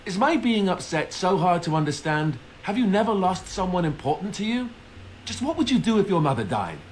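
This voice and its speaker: A man's voice: high-pitched, sing-song, brisk, a little hiss or hum, low-quality recording. An actor playing an earnest, self-deprecating young male warrior in a video game.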